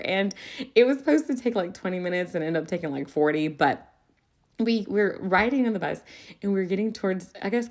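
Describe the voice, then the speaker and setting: Lively, low-voiced woman podcast host. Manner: animated, laughs often, acts out children's voices. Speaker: elementary school teacher. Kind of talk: casual storytelling.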